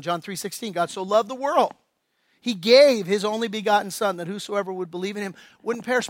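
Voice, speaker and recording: A male pastor preaching a sermon, swinging between loud, emphatic lines and hushed, slow appeals. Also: sits high, no room sound. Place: church.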